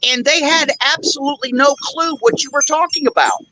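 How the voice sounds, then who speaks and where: A man's voice: extremely high pitch, a little fast, sharp tone, no echo, low-quality recording. A male host telling a rambling, indignant story in a casual chat, full of fillers. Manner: blunt and indignant. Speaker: show host.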